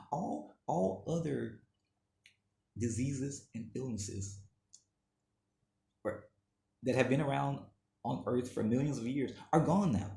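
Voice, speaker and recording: A man's voice: mid-range voice, vocal fry, dark tone, roomy sound. A man delivering an indignant, emphatic opinion monologue that keeps repeating its points. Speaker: commentator.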